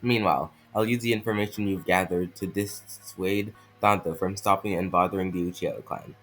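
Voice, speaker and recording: A man reading as a calm old village leader, faint French lilt. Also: sits low, faint music behind, natural voice. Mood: measured. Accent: put-on French accent. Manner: stumbling, halting reading with restarts.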